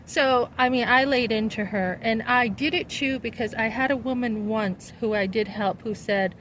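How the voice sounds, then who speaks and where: A middle-aged woman tells a story for her vlog in a rambling, emphatic rush of indignation. Her voice sits a little high. Steady traffic noise from an outdoor city spot runs clearly behind her. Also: moderate pace, poor audio. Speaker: vlogger.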